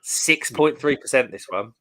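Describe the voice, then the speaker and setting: A man's voice: medium pitch, animated, moderate pace, pushed and bright. A British man co-hosting a casual beer live stream, chatty and enthusiastic, reading out viewer comments. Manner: chatty and enthusiastic, lots of "um" and restarts.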